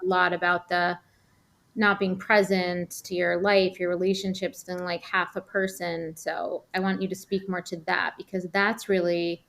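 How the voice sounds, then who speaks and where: Enthusiastic woman host with gravelly low voice. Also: little pitch movement, moderate pace. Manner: warm, enthusiastic, encouraging. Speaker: podcast host, dietitian. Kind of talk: casual interview chat.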